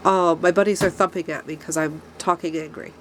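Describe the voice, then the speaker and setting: A woman's voice: fairly low pitch, fairly even intonation, a little fast, a little hiss or hum. A woman with a stuffy nose from a cold, ranting angrily to camera about a problem while her pets are close by. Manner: angry ranting, speaks of her own angry tone. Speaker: rabbit keeper vlogger. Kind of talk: casual talk to camera. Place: rabbit barn with pets nearby.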